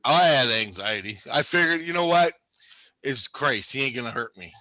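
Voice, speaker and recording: A man's voice: mid-range voice, lively intonation, normal speed, sharp tone, no room sound. A man telling a rambling, profane story in casual chat, laughing often.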